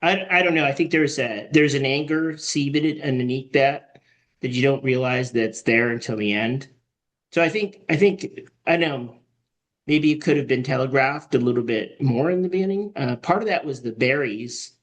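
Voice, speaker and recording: A man's voice: mid-range voice, normal speed. A man giving feedback in a casual writing workshop, thinking aloud with frequent restarts and fillers. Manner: thoughtful, rambling, many restarts. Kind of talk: casual discussion.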